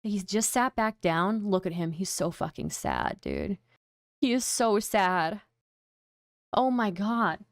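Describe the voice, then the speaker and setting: Smooth-voiced excitable streamer woman. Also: medium pitch, slow, no room sound, clean studio sound. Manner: excitable, mocking, laughs often, swears casually. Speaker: streamer reacting to clips. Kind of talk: casual reaction commentary.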